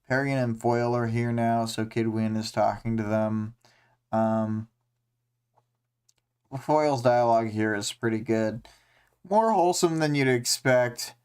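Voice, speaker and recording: Slow, smooth-voiced man recapping. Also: mid-range voice. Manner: relaxed, many ums and uhs, voices characters' lines in quotes. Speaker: podcast host. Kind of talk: casual chapter discussion livestream.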